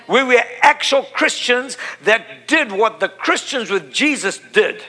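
A man's voice: very high-pitched, expressive, measured pace, bright, forceful tone. A middle-aged man preaching a sermon, impassioned and repetitive, building to emphatic peaks.

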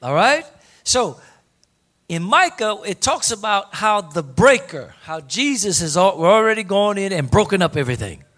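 Male pastor, sermon, fairly high-pitched, emphatic, repeats phrases, drawn-out stresses. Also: big pitch swings, a bit bright. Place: church service before a congregation.

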